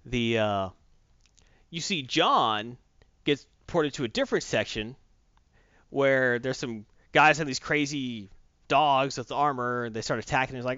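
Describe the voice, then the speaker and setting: A man casually recapping a comic book story as a podcast host, jumping into quick character voices as he retells it. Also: medium pitch, a bit bright, no echo, highs cut off.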